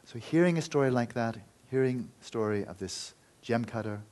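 A man giving a Buddhist dharma talk, telling a story in an earnest, loose way that often falls quiet. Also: medium pitch, normal speed. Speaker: Buddhist teacher.

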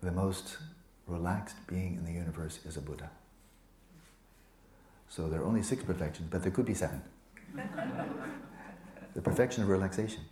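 A man teaching meditation to a retreat group, relaxed and playful, often sinking into a soft whisper and teasing students by name. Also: low-pitched, moderate pace, pauses often, a little hiss or hum. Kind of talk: dharma talk to a retreat group. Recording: echoey room with faint ambience.

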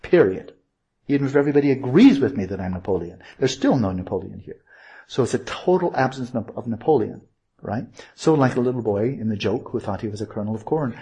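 Speaking briskly and with animation, a meditation teacher offers an informal Buddhist talk full of digressions, self-corrections and rhetorical questions. He has a medium-pitched, mellow voice with a breathy edge.

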